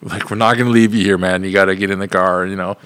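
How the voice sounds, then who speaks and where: A man's voice: sits low, fairly even intonation, fast talker, a bit bright, slight background noise. Laid-back man telling a story. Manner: rambling, swearing, laughing storyteller. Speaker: podcast co-host. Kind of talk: casual chat, storytelling.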